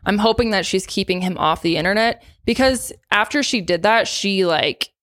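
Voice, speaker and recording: A woman's voice: mid-range voice, moderate pace, a bit bright. A young woman co-hosting a podcast, reflective and casual in chat, cursing now and then. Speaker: podcast co-host.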